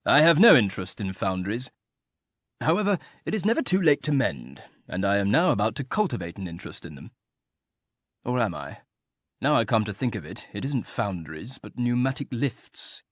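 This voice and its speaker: A man's voice: lowish voice, big pitch swings, normal speed, no echo, studio quality. A man reading an audiobook voices an idle, teasingly ironic aristocratic marquis who talks in a mock-mournful drawl.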